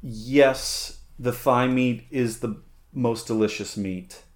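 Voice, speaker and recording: A man's voice: medium pitch, steady tone. Rambling man on a podcast. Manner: rambling, halting, many fillers and restarts, laughs often. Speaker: podcast co-host. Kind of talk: casual chat.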